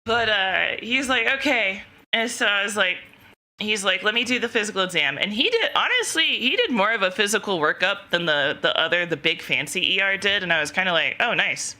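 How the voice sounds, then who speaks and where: Bright-voiced giggly young woman storyteller. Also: mid-range voice, lively intonation, a little fast. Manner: giggly, rambling, lots of self-quoting. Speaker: streamer. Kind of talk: casual storytelling to chat.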